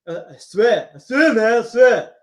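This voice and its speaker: A man's voice: extremely high pitch, lively intonation, measured pace. A man doing an impression of a famous action-movie star with a slurred, mumbling drawl. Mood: slurring, scheming.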